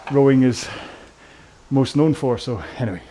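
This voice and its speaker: A man's voice: mid-range voice, moderate pace, dark tone. A British man coaching an indoor rowing workout in a rambling, self-deprecating, casual chat. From Britain.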